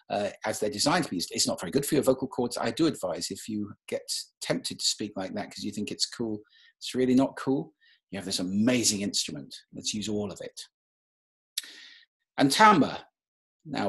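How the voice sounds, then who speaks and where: Male presenter, husky and raspy, demonstrative delivery for a talk. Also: lowish voice. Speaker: webinar speaker.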